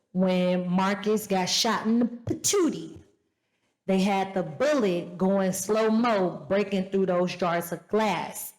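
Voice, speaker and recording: Woman, podcast host, casual chat, chatty, animated, mid-pitched voice. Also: poor audio. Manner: chatty, animated, talks straight to viewers. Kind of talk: casual movie review chat.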